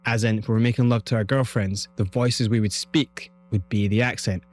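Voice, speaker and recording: A Scottish man, a guest in an interview, telling his story in a lively, vivid way. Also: fairly low pitch, brisk, soft background music. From Scotland.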